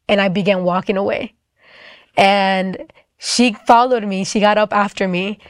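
A woman's voice: medium pitch, no room sound, clean studio sound. A young adult woman sharing a personal faith testimony in a casual storytelling way, acting out the dialogue and often saying "like".

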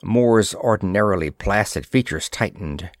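A man reading an old pulp science fiction story aloud in a steady, dramatic storytelling manner. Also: lowish voice, normal speed, no echo, studio quality. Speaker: narrator.

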